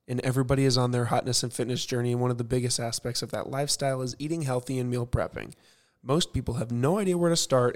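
A young man hosting a podcast, talking low and hushed late at night and reading an ad. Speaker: podcast host. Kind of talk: casual podcast chat and ad read.

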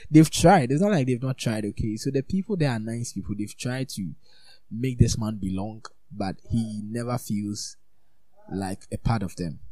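A man preaching an informal sermon in a lowish, mellow voice. He talks in an animated, chatty way, full of "like" and "you know". The sound is dry and close. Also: dry recording. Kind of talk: conversational sermon.

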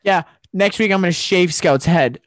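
A man's voice: sits high, normal speed, no room sound, studio quality. A man co-hosting a comedy podcast, complaining in a mock-wounded way. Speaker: podcast co-host.

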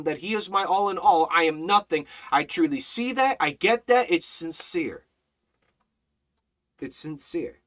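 Earnest, bright-voiced man teaching scripture. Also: sits high. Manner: earnest, repeats phrases, drops to a near whisper when speaking softly; quotes scripture slowly and emphatically. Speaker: Bible teacher. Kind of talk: Bible study teaching.

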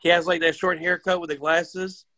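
A slightly high-voiced man chats excitedly about movies, slangy and swearing freely. He talks loosely, among friends. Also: moderate pace. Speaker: podcast co-host. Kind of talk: casual chat.

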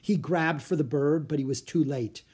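Expressive, husky narrator reading a children's storybook. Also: medium pitch, normal speed.

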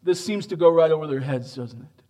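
Delivering a sermon, a pastor with a slightly high voice poses rhetorical questions and alternates between quiet, unhurried passages and loud bursts of emphasis.

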